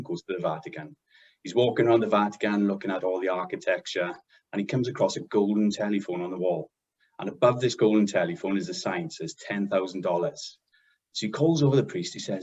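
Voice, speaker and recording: A man's voice: lowish voice, brisk, darkish tone, husky, lo-fi sound. A man co-hosting a podcast, telling stories and jokes in a chatty way and laughing at his own punchlines. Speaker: podcast co-host.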